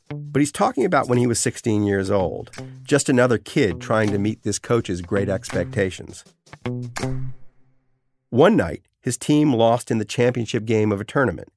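Gravelly low-voiced male narrator. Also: darkish tone. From New Orleans. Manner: deliberate storytelling, vivid phrasing. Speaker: podcast host and narrator. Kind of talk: scripted narration.

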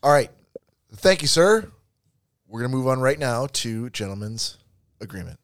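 A man's voice: medium pitch, very animated, normal speed. A man hosting a podcast, wryly steering the casual banter along. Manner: wry, steers the show along. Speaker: podcast host.

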